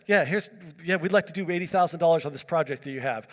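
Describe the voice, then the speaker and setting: A man's voice: a little high, fast, hardly any pauses. Chatty man preaching in an echoing hall. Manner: chatty, animated storytelling with many fillers and acted-out quotes. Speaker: pastor. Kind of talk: storytelling sermon.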